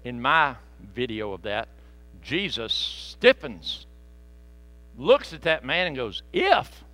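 A man preaching a sermon, folksy and animated, with joking asides to the congregation. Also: medium pitch, slow pace, no echo. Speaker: pastor.

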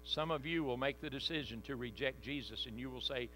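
A man's voice: medium pitch, fairly quick, hardly any pauses, pushed and bright, a little hiss or hum, rough recording. A man preaching a sermon as pastor, reading scripture dramatically and speaking straight to his congregation.

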